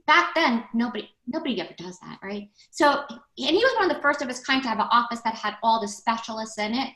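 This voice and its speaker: Brief: middle-aged woman guest, blunt animated storyteller, bright higher voice, echoey room. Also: quick pace, few pauses. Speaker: guest, recovery center founder. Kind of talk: casual podcast interview.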